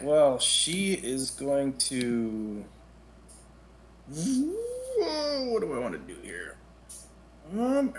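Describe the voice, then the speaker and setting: A man playing a tabletop game, planning his character's turn slowly and deliberately. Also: medium pitch, fairly bright tone, a little hiss or hum. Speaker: player.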